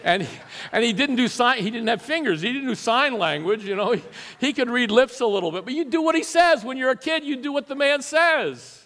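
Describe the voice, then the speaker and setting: A middle-aged man giving a storytelling sermon as guest preacher, folksy and animated, his voice jumping up for punch lines. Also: extremely high pitch, brisk. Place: church sanctuary. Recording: long church reverb.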